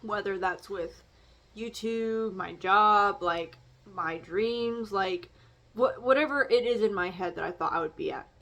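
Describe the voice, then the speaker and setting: A woman's voice: mid-range voice, measured pace, a bit bright. A young woman casually talking through an oracle card reading and her feelings, rambling, with frequent fillers and restarts. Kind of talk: casual reflective vlog.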